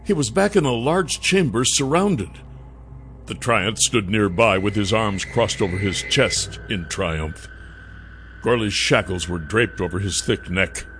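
A man's voice: fairly low pitch, unhurried, fairly bright tone, slight background noise. A man narrating a fantasy audiobook with dramatic storytelling.

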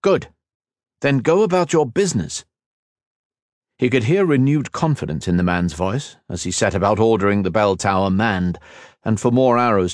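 A man narrating a fantasy audiobook in a measured, expressive way. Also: fairly low pitch, dry recording, studio quality.

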